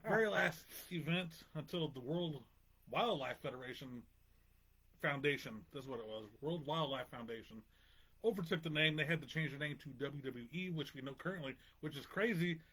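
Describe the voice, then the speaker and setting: A man's voice: on the high side, moderate pace, a bit bright, slightly rough. A man co-hosting a casual podcast, laid-back, reading viewer comments aloud. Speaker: podcast co-host. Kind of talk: casual chat.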